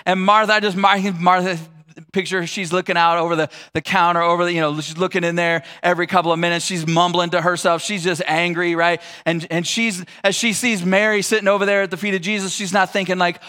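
A man's voice: high-pitched, fairly even intonation, quick pace, sharp tone. A male pastor preaching a conversational, humorous sermon that acts out scenes.

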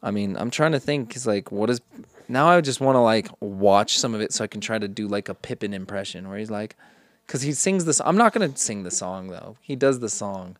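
A man's voice: fairly low pitch, brisk, no room sound. A young man co-hosting a casual podcast chat, joking and swearing freely. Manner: joking, swears freely, breaks into silly voices. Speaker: podcast co-host.

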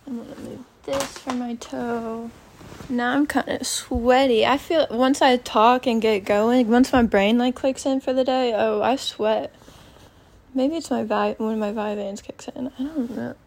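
In a slightly high, gravelly and somewhat mellow voice, a young woman hosts her solo podcast at a measured pace and a steady tone. She meanders and thinks out loud, full of fillers, from a bedroom in her mother's house.

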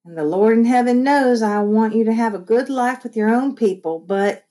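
A woman reading the lines of a large, warm foster mother who speaks softly in a folksy dialect. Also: a little high, moderate pace, voice pushed up, natural voice. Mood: tearful. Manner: soft, tender, folksy dialect.

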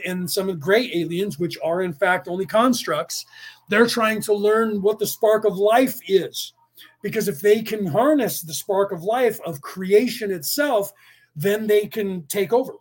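A man speaking slowly in a rambling spiritual monologue, full of restarts and chanted incantations. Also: high voice. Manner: slow, deliberate, with many restarts and chanted incantations.

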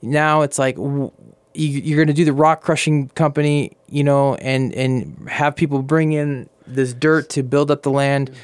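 A man, a pastor, interviewing a guest in a relaxed talk, rambling with many fillers and restarts. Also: medium pitch, unhurried, clear, resonant tone, dry recording. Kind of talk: casual faith interview.

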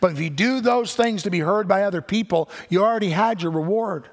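A man's voice: sits high, brisk. An older man preaching a sermon, telling stories and acting out the voices of the people he quotes. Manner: animated storytelling, acts out quoted voices. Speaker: pastor. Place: church sanctuary. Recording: church hall with long reverb.

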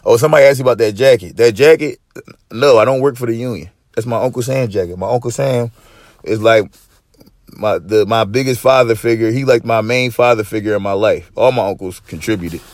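A man's voice: medium pitch, brisk, darkish tone, dry recording, studio quality. A man hosting a podcast in casual chat, swearing freely and rambling with many fillers and restarts. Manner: profane, rambling, lots of fillers and repeats. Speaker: podcast host.

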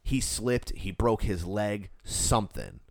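Animated profane man telling a story. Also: on the low side, takes it slowly, gravelly. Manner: animated, profane, acts out voices in his story. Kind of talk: casual storytelling chat.

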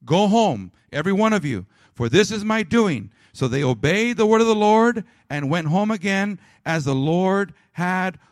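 A male pastor preaching a sermon to his congregation, rising to loud emphatic peaks and dropping to a quiet, low prayer. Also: animated, moderate pace, no room sound, studio quality. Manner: calls out to the congregation.

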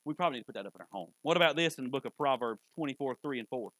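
A man preaching a sermon in a church in a folksy, conversational way, with sudden loud bursts. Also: medium pitch, expressive, racing, no room sound, poor audio. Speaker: pastor. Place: church sanctuary.

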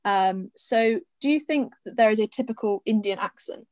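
A woman's voice: medium pitch, moderate pace, darkish tone, no room sound. A woman co-hosting a casual discussion podcast, speaking thoughtfully with many ums and you-knows. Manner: thoughtful, filler-heavy with "um" and "you know". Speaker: podcast co-host.

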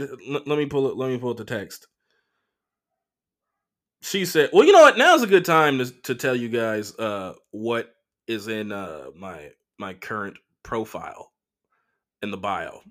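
A man's voice: medium pitch, big pitch swings, normal speed, fairly bright tone. A man in his early thirties with a Los Angeles accent, hosting a casual solo podcast and telling a rambling, profane story full of fillers. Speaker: podcast host.

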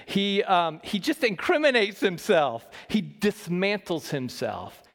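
A man preaching a sermon, shifting between loud emphasis and hushed low lines and asking the congregation questions. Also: big pitch swings, takes it slowly, few pauses, in a large hall. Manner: talks with the congregation, asks them questions. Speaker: pastor.

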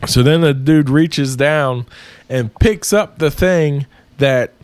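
Slow, clear-voiced man telling a story. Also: fairly high pitch, no room sound. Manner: profane, animated retelling. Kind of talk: casual storytelling.

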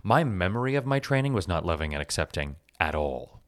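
A man from Los Angeles telling a personal story in an animated, self-mocking way, swearing freely. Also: deep voice, a little fast, no echo, studio quality.

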